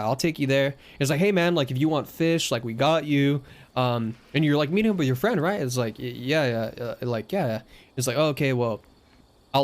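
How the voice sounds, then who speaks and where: A young man casually telling a long story, full of fillers and quick acted-out quotes of other people. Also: medium pitch. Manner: rambling, filler-heavy, animated quoting of others. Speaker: storyteller recounting a game session.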